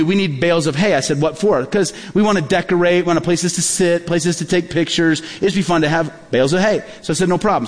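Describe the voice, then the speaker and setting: A man with a high, light voice preaches a sermon, telling a story and acting out the quoted lines. His voice rings with the long reverb of a large church hall. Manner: storytelling, acts out quoted dialogue. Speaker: pastor.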